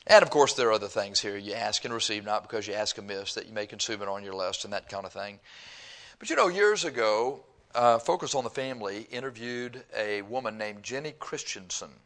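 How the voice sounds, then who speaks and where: A middle-aged man preaching, telling a story in a folksy, animated way with chuckles and quoted voices. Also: fairly low pitch. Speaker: pastor. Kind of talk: sermon with storytelling.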